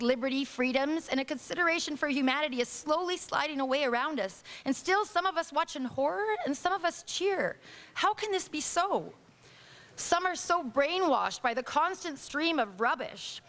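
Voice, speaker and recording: A woman's voice: high-pitched, fairly bright tone. A Canadian woman reading her own protest poem to a live audience in a small lounge, with impassioned, indignant declamation. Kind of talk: spoken-word poetry reading.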